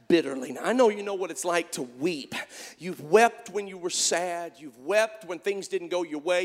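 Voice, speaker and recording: A man with a high voice preaches with fervor, telling the story and then calling out to the congregation. His voice rings with a long echo in a large church sanctuary. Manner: fervent storytelling preaching, rising to shouts. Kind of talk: sermon.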